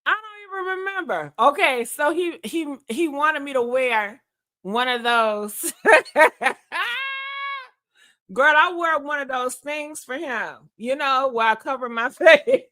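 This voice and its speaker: A woman hosting a casual chat show tells her dating stories with blunt, sassy humor. Her voice sits high and rings bright, and she keeps calling the listeners girl and honey. She swears freely and breaks into laughter. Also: animated, unhurried. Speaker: podcast host.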